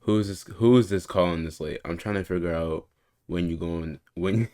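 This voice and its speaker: A man's voice: low voice, unhurried, dark tone. A man reacting to videos on a stream, reading messages aloud with frequent laughs and swearing. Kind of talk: casual reaction commentary.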